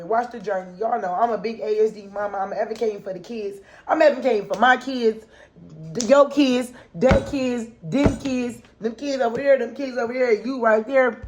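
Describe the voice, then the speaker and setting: A woman's voice: a little high, normal speed, background noise. A mother speaking straight to her viewers in an unscripted vlog monologue. She is impassioned and ranting, piles up rhetorical questions, and uses casual slang, calling her audience "y'all". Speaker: mother and kids' advocate.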